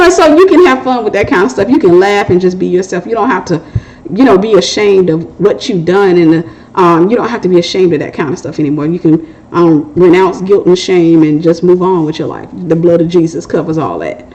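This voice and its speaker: A woman's voice: fairly low pitch, lively intonation, fairly quick, a little mellow, rough recording. Candid, joking woman hosting a Christian advice show. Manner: candid, joking, laughs at herself. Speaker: host of a Christian relationship Q&A. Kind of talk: casual testimony and advice.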